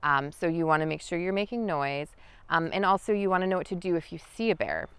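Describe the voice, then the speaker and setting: A woman guiding an outdoor lesson in the forest, talking in a relaxed, chatty way with many fillers. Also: lowish voice, fast talker, clean tone, no echo. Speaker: wild food guide. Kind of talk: outdoor teaching talk.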